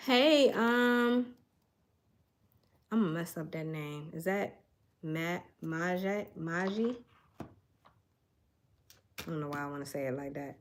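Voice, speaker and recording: A woman's voice: deep voice, unhurried, pauses often. Woman, tarot reader, folksy, casual, talks to viewers. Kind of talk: casual tarot reading livestream.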